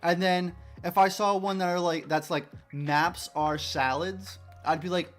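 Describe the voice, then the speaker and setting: A man chatting casually to his viewers on a livestream as a game developer, rambling excitedly and restarting his sentences often. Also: sits high, normal speed, hardly any pauses, soft background music.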